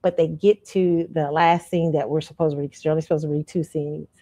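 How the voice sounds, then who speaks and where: Lively woman host telling a story. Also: deep voice, a little fast. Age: adult student. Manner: animated, addresses listeners as y'all. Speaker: show host. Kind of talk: casual storytelling commentary.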